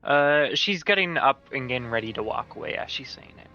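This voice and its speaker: A man playing a tabletop game, talking in a halting, casual way. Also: mid-range voice, expressive, sharp tone, highs cut off, faint music behind. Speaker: player.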